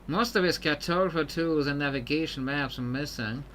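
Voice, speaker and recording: A confident pirate captain woman speaks in a Southern belle accent, as a man puts her on. The voice is bright and ringing. She sounds steady and resolved. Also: a little high, normal speed, a little hiss or hum, lightly acted. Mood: determined. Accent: put-on Southern belle. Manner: determined, reading game dialogue aloud.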